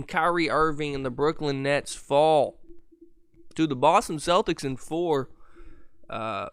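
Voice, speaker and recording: A man hosting a solo podcast, ranting with profanity and exasperation, with a lisp and a stutter, his voice wearing hoarse. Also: fairly high pitch, a bit bright, no echo, studio quality. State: voice going hoarse. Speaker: podcast host.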